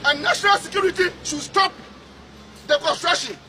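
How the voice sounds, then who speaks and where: A man's voice: very high-pitched, moderate pace. A man, a public official, angrily rebuking people outdoors by a road, repeating his phrases in indignation. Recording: noisy outdoor archive clip.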